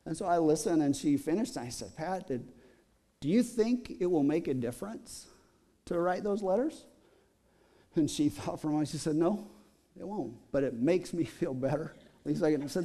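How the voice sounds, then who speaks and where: Mellow-voiced pastor, chatty sermon. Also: male voice, a little high, moderate pace. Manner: conversational storytelling with many fillers. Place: church.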